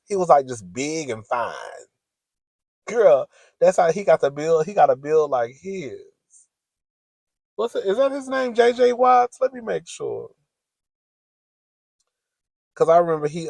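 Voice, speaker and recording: A man's voice: high-pitched, creaky, a little mellow, no room sound. A man vlogging in a sassy, giggly gossip chat, calling the audience "girl" often. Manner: chatty, sassy, giggly, says "girl" a lot.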